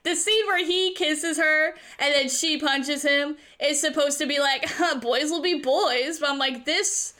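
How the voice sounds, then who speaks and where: A young woman in casual chat, excitable and animated, swearing and laughing as she rants. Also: sits high, a little slow, few pauses.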